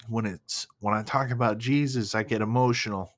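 A man's voice: fairly low pitch, fairly even intonation, normal speed, few pauses. A young man giving a casual, earnest devotional talk to viewers, emotional at times and full of fillers. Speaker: Christian speaker.

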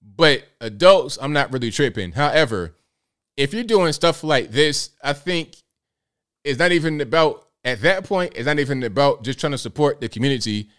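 A man's voice: mid-range voice, lively intonation, moderate pace, fairly bright tone. A man hosting a live show, reacting to clips with slangy jokes and frequent laughter. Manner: joking, slangy, laughs often. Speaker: host.

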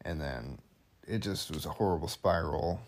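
A man's voice: a bass voice, moderate pace. A young man chatting casually as a podcast guest about married life, rambling and joking, with lots of fillers. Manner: rambling, jokey, filler-heavy. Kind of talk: casual conversation.

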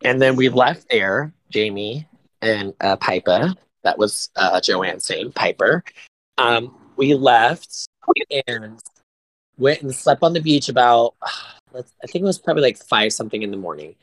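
A man's voice: medium pitch, animated, measured pace, fairly bright tone, no echo, low-quality recording. Rambling man on a dry podcast mic. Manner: rambling storyteller, laughs a lot. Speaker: podcast co-host. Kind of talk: casual podcast chat.

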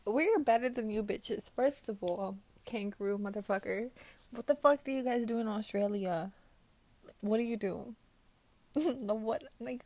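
A woman hosting a podcast, chatting casually and answering questions. She swears a lot and giggles, swinging between loud outbursts and muttered whispers. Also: fairly high pitch. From United States. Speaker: podcast host.

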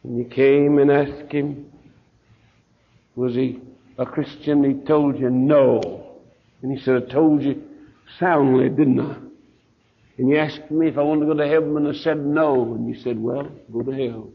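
A pastor with a Southern US accent, telling a story in a sermon and acting out the voices of the people in it, heard on a dull lo-fi recording. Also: male voice, mid-range voice, steady tone, measured pace, vocal fry, long pauses, husky. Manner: folksy preacher, acts out quoted voices.

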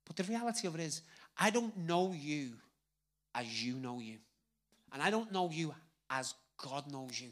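Lively Scouse preacher with a higher voice. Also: male voice, normal speed. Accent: Liverpool (Scouse). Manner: conversational, swings between loud emphasis and hushed asides. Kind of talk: live sermon. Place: church hall with congregation. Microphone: handheld microphone.

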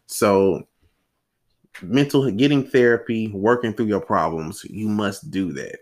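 A man's voice: on the low side, unhurried. A man co-hosting a podcast, talking casually and animatedly, often acting out the people he talks about. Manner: animated, acts out quoted people. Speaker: podcast co-host.

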